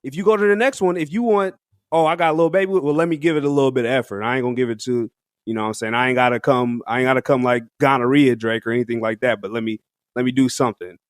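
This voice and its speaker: A man's voice: medium pitch, steady tone, quick pace, no echo, studio quality. A man co-hosting a podcast, chatting casually about new music in slangy talk, breaking into laughter often and restarting his sentences. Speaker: podcast co-host. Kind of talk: casual music review chat.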